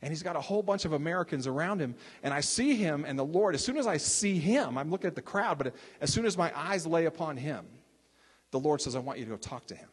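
Older man, ministry leader, lively chatty testimony, a touch high-pitched, long hall reverb. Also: fast, slightly rough. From Texas. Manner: animated, chatty storyteller with many restarts and asides. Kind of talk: casual storytelling testimony.

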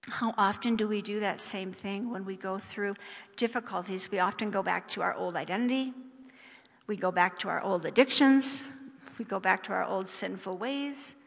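A woman's voice: mid-range voice, moderate pace, gravelly. Woman preaching in an echoing hall. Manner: reads scripture aloud with emphatic rises and soft hushed drops. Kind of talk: sermon. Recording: long hall reverb.

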